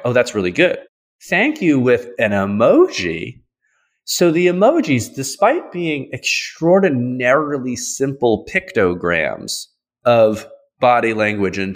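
A man, a podcast guest, explaining ideas in a casual, playful, slangy way. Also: medium pitch. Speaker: podcast guest, trauma practitioner.

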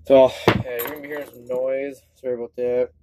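A man hosting his own podcast in a loose, rambling chat, swearing freely and thinking out loud in a self-conscious way. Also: medium pitch, little pitch movement, fairly quick, very noisy. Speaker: solo podcast host. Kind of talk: casual solo podcast chat.

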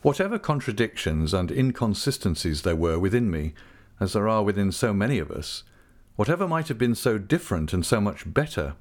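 A man reading a classic novel aloud in an expressive, heartfelt first-person audiobook style. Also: on the low side, brisk. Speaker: audiobook narrator.

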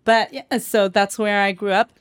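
A woman's voice: mid-range voice, level tone, moderate pace, clean tone. A woman in her thirties from Southern California with a Valley Girl accent, co-hosting a casual podcast chat, giggly and saying "like" often. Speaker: podcast co-host.

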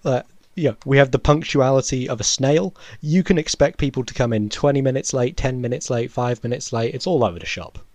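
A man's voice: mid-range voice, a little fast, a little mellow, dry recording. A young man rambles through a funny story in casual podcast chat. He trips over his words and restarts often, with chuckles breaking in. The sound is close and dry, with no room around it. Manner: rambling, laughing, self-correcting. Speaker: podcast co-host.

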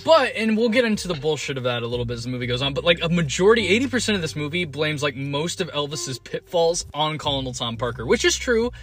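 A man's voice: a little high, sing-song, quick pace, hardly any pauses, fairly bright tone. A young man casually reviewing a film with a friend, blunt and swearing freely as he rants. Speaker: podcast co-host reviewing films. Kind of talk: casual movie review chat.

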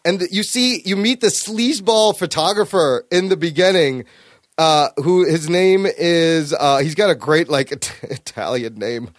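A man hosting a casual podcast, animatedly retelling a comic story with profanity and quick acted-out quotes. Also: on the high side, no room sound, clean studio sound. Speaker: podcast host. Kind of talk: casual comic book chat.

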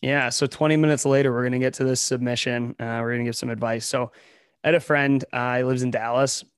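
A man's voice: medium pitch, fairly even intonation, fast, clean tone, no echo, clean studio sound. A young man from Ohio co-hosting a comedy podcast in a casual chat, full of sarcastic, ironic riffs. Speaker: podcast co-host.

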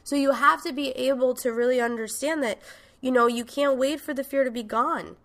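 A woman hosting a podcast gives a motivational talk in a frank, emphatic way, with casual swearing. Her voice is bright and forward, with a gravelly, creaky texture. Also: sits high, moderate pace. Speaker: podcast host and coach.

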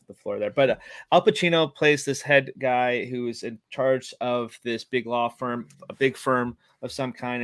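A man of middle pitch talks over a movie he just watched, stumbling through fillers and restarts as a podcast co-host. His voice sounds close and dry. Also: fairly bright tone, no room sound. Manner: halting, filler-heavy. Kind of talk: casual movie review chat.

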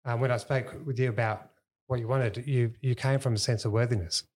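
A man's voice: mid-range voice, steady tone, brisk, darkish tone. A middle-aged man as a podcast guest, reflective and earnest, restarting his sentences as he thinks. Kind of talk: casual podcast conversation.

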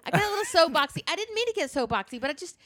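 A woman co-hosting a podcast speaks in a high, rapid-fire voice, recorded dry with clean studio sound. She's an animated storyteller, ranting and swearing freely in casual chat.

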